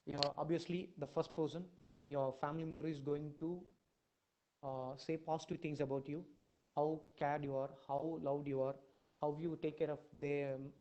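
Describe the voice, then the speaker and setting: A man with an Indian English accent lectures, guiding listeners through a dramatic imagined scene as a visualization exercise. His voice is on the high side with flat delivery at a moderate pace, and the highs are cut off. He repeats phrases and swells to near-shouts in emotional passages.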